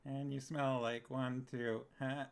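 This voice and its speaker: A man's voice: mid-range voice, level tone, takes it slowly, vocal fry. A man streaming a book reading, casually chatting with his viewers, laughing often and reading their comments aloud.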